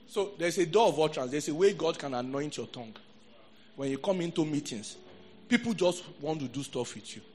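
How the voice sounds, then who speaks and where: A Nigerian pastor preaching a sermon in a high, bright voice, with a faint hiss of noise behind him. He talks in a lively, conversational way and drops Pidgin asides. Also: fairly quick.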